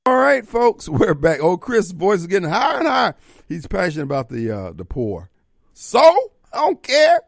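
A man's voice: high-pitched, wildly swooping pitch, normal speed, creaky, dry recording, studio quality. A man hosting a talk radio show, brash and provocative, laughing often. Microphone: studio microphone.

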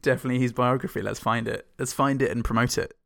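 A man's voice: mid-range voice, fairly even intonation, fast, gravelly, a bit bright, dry recording. Male co-host, sweary and jokey, dry close sound. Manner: sweary, joking, trails off. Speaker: podcast co-host. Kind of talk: casual chat.

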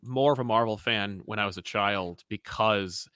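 A man hosting a casual chat, eager and quick to agree. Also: on the low side, pushed and bright, clean tone, no room sound, clean studio sound.

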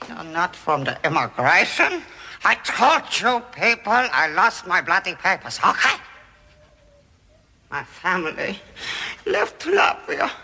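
A man's voice: high-pitched, huge pitch swings, slow, vocal fry, bright, forceful tone, slightly rough, full character voice. An actor playing an unhinged old male ex-Nazi veterinarian with a German accent, who rambles in paranoid rants, heard from a film clip with reverb and music.

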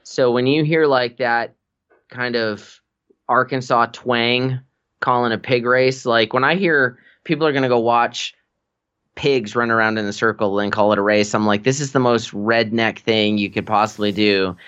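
A man with a middle-pitched voice tells easygoing stories in casual conversation and laughs often. The recording sounds a little dull and lo-fi. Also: steady tone, normal speed, fairly bright tone. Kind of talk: casual chat.

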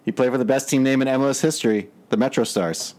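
A man's voice: mid-range voice, quick pace, darkish tone. A man co-hosting a podcast who talks casually, swears and laughs easily. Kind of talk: casual chat.

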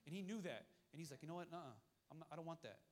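The man preaches at a racing pace in a fairly high voice, his sermon fiery and full of repetition. He calls out to the congregation in call-and-response asides.

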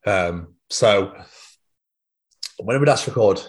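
A young man, co-hosting a podcast and chatting casually, an excitable storyteller who swears freely. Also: fairly low pitch, slow. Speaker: podcast co-host. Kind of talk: casual chat.

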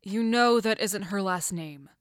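A woman acting in an audio drama with a dry, deadpan delivery. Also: mid-range voice, a little slow, no room sound, natural voice.

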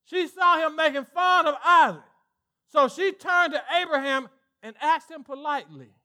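A male pastor with a Southern US accent, preaching an animated sermon and acting out voices in call-and-response style. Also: very high voice, moderate pace. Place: church sanctuary with congregation.

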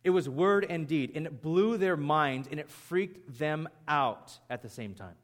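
A male pastor delivers an unhurried sermon in a slightly raised pitch. His style is lively and conversational, as though he's chatting with the congregation instead of reading.

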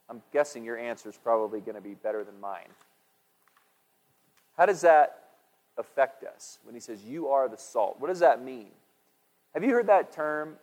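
A male pastor delivers a chatty, conversational sermon in a church sanctuary, often restarting and putting questions to his congregation. His mid-range voice has a darkish tone, and the echoey hall adds long reverb.

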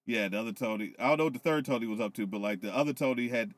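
A man in casual podcast chat, breaking down a wrestling show with loose, profane energy. He sounds a little tipsy from whiskey, and his voice sits at an ordinary pitch. The recording is close and dry, with no room sound. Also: racing, dry recording. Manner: loose, profane, animated storytelling. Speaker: podcast co-host.

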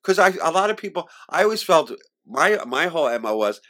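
Telling frank stories in an interview, this middle-aged man is lively, laughs frequently, and shifts from loud to hushed. His voice is a little high and he talks briskly.

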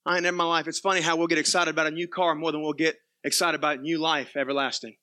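Young male pastor, bright high voice, animated sermon delivery with quiet asides. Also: racing. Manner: animated preaching, swings from quiet asides to loud emphatic peaks.

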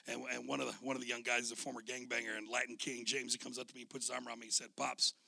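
A middle-aged male pastor with a scratchy, gravelly voice, preaching a sermon in a folksy storytelling way and often repeating his words. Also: mid-range voice, level tone, very fast, pushed and bright, no echo.

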